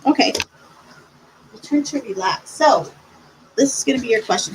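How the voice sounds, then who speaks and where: A woman's voice: a little high, expressive, normal speed, long pauses, noisy background. A middle-aged woman giving live tarot readings on a stream, chatty and reassuring as she talks to viewers. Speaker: tarot reader.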